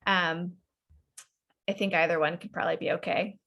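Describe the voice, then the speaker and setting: A woman parenting coach leading an online workshop over a video call, animated and often acting out what parents and children say. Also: on the low side, normal speed, creaky. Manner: animated, frequently acts out parent and child lines.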